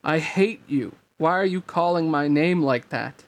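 A brooding, troubled teenage swordsman, as a man reading a novel aloud puts him on. His voice is gravelly and stays close to the reader's own, urgent and intense. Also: a little high, measured pace, voice pushed up. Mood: bitter.

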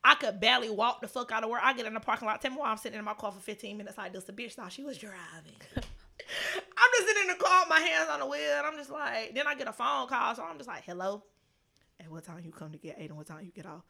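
Woman podcast cohost, brightish higher voice, cussing and laughing through her stories. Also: quick pace, gravelly. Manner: animated, profane storytelling with frequent laughter. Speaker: podcast co-host. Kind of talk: casual podcast storytelling.

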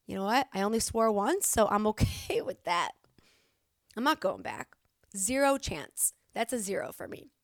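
With a sing-song, mid-range voice at a moderate pace, a woman hosts her own motivational podcast in studio quality with no room sound. Her talk is candid and emphatic, with occasional swearing and restarted sentences.

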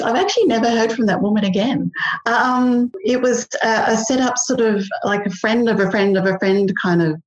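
A woman's voice: medium pitch, normal speed, muffled recording. A woman, a podcast guest telling stories in a chatty way, laughing often and using many fillers. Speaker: podcast guest, language learner. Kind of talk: casual storytelling.

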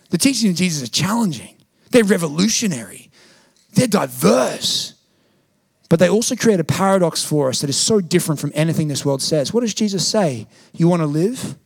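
A man's voice: sits high, gravelly, slightly rough, no echo, studio quality. A man, preaching a sermon as pastor, telling a funny story animatedly and acting out the voices of others. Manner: animated, acts out quoted voices, jokey.

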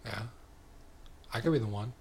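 A man co-hosting a podcast in casual chat, firing back short, dry, deadpan comebacks. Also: lowish voice, normal speed, slight background noise. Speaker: podcast co-host.

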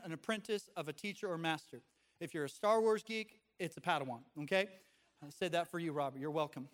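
High-voiced man preaching casually. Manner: conversational, jokes with the congregation. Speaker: pastor. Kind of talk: sermon. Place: church in front of a congregation.

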